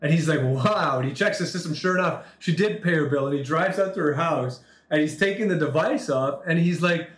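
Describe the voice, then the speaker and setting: A man's voice: fairly high pitch, fairly quick, few pauses, roomy sound. A man preaching a sermon, telling a story with earnest emphasis and acted-out dialogue. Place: Turkey.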